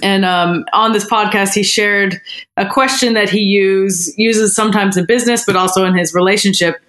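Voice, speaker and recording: A woman guest on a podcast, telling a personal story in a candid, heartfelt way with frequent pauses and restarts. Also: medium pitch, fairly even intonation, a bit bright.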